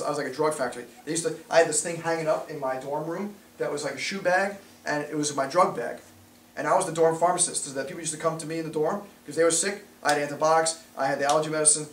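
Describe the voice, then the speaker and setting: A middle-aged man, a chiropractor telling a story to a small group in an animated, chatty way. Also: a little high, quick pace, slight background noise. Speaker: chiropractor giving a new patient talk. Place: small office talk room. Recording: echoey room, from a distance.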